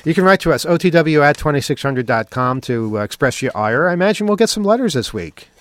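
A man's voice: a little high, lively intonation, quick pace, a bit bright. A man hosting a talk show, riffing sarcastically with mock questions and then turning earnest. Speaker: podcast host. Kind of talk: opinionated talk show monologue.

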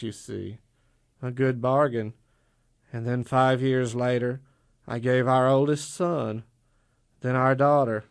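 A man's voice: medium pitch, gravelly, smooth, no echo, clean studio sound. A man reading a storybook voices a frail, dying old man who talks in a thoughtful, mournful way. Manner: thoughtful, weepy lament.

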